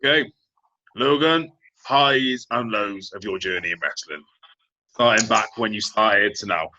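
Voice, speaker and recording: A man's voice: fairly low pitch, a little slow, pushed and bright. A male host, steering a panel through questions in an easygoing way. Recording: dull lo-fi audio.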